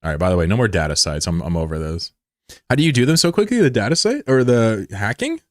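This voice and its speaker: A man in his thirties from the United States, chatting casually on a live stream with swearing and sudden high yelps of surprise. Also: big pitch swings, fast talker, no room sound, clean studio sound. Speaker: game streamer.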